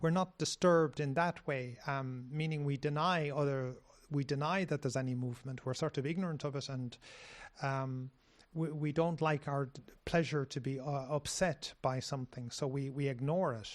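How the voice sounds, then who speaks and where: A man in a meditation discussion, speaking haltingly with many pauses and restarts. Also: mid-range voice, steady tone. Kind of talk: dhamma discussion.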